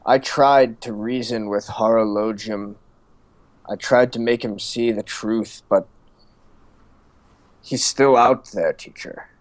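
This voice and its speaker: A man voicing a young male magister who has lost his magic, speaking slowly in a subdued, doubting way. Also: fairly low pitch, fairly even intonation, no echo. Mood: despairing.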